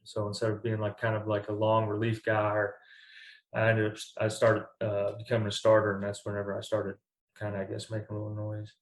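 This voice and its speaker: A man's voice: lowish voice, completely flat delivery, brisk. Rambling young man in an echoey room. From Kentucky, US. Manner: rambling, full of "like" and restarts. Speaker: baseball pitcher, guest. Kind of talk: casual storytelling interview.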